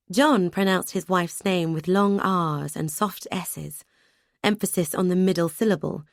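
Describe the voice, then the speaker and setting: A woman narrating a first-person audiobook in a measured way, with lively dialogue. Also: fairly low pitch, vocal fry, dry recording, studio quality.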